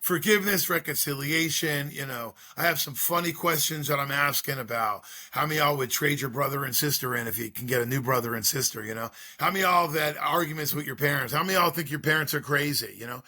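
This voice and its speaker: Speaking fast with few pauses, this middle-aged school drug-prevention speaker recounts his story in an interview, repeating earnest rhetorical questions. His voice sits a little high, and his tone is bright and forceful.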